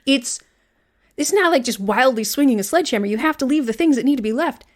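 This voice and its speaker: A woman's voice: sits high, lively intonation, quick pace. A woman in her thirties from Vermont, co-hosting a podcast in casual, rambling chat, swearing freely and stressing her words. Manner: rambling, profane, emphatic. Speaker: podcast co-host.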